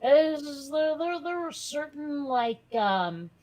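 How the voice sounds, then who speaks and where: A woman's voice: sits high, lively intonation, slow, a little mellow. A woman co-hosting a casual podcast chat, talking in a rambling way with many fillers and restarts. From from a Catholic Italian family. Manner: chatty, hesitant with many fillers. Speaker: podcast co-host.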